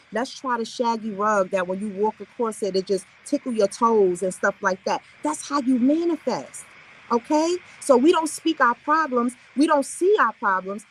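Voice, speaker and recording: A woman's voice: a little high, slightly rough, low-quality recording. A woman hosting a live affirmation stream, giving an upbeat, preachy motivational talk and chatting with her viewers.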